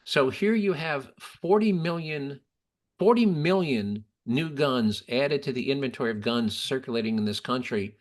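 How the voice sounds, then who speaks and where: A man's voice: medium pitch, lively intonation, normal speed. A man hosting a casual political podcast, giving opinions and arguing with statistics. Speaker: podcast host.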